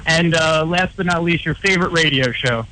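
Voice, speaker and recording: A man co-hosting a radio interview, running a quick question game with many hesitant fillers. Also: fairly high pitch, heavy background noise. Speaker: radio show co-host.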